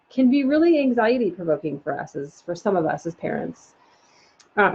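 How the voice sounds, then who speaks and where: A woman parenting coach giving a live online talk, animated and chatty with many fillers. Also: mid-range voice, slightly rough. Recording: dull lo-fi sound.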